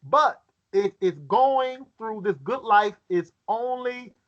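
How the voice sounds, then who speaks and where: During a Bible study, a high-voiced man reads scripture out loud and questions the people listening, at times stopping to repeat words as he thinks. The audio is dull.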